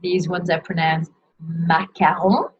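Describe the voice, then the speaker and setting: A woman teaching how to pronounce pastry names in a slow, careful lesson, saying each word and repeating it. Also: fairly low pitch, steady tone, husky. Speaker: French teacher. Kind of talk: pronunciation lesson. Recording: dull lo-fi sound.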